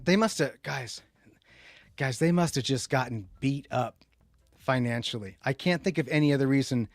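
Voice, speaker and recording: A man hosting a casual tech livestream. He rambles and restarts a lot, jumping between loud emphatic bursts and low muttered asides. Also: moderate pace, no echo, studio quality. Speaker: livestream host.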